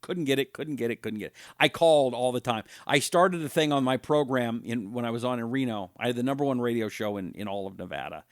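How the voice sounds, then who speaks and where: A man's voice: medium pitch, quick pace, hardly any pauses, no room sound. A middle-aged male talk radio host with a mid-range voice, spinning stories in a loose, chatty way. He is close on the mic, and the sound is dry with no room around it. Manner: chatty storyteller, reads viewer comments aloud. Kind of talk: live-streamed talk show monologue.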